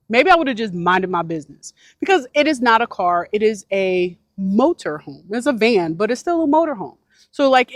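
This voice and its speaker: Woman van-life vlogger, mid-range voice, dry close sound. Animated, chatty delivery full of likes, casual storytelling to camera. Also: mid-range voice, no room sound.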